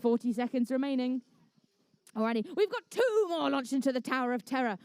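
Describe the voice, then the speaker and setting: A woman's voice: sits high, animated, a little fast, a little mellow, clear, resonant tone, no echo, clean studio sound. A young woman with an English accent, refereeing and commentating a live competition in a playful, chatty way with jokey asides. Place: indoor competition venue.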